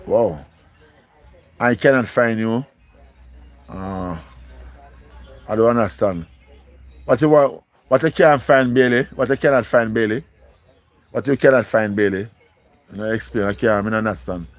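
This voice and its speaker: A man's voice: lowish voice, moderate pace, pauses often, no echo. A man with a Jamaican accent, pleading and repeating himself as he speaks emotionally to viewers on a live stream. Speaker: livestreamer.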